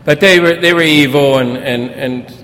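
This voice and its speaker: An older man preaching as a pastor, telling personal stories in a folksy, storytelling way that grows animated in places. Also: normal speed. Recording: reverberant hall with faint rumble.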